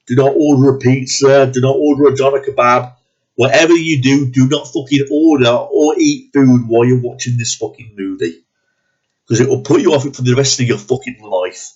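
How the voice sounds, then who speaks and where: A man ranting bluntly and profanely in a movie review, sounding disgusted and exasperated. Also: mid-range voice. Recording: dull lo-fi recording.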